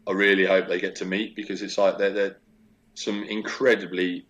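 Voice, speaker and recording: Brief: man in his forties, low voice, chatty and animated storyteller, casual interview guest. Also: moderate pace.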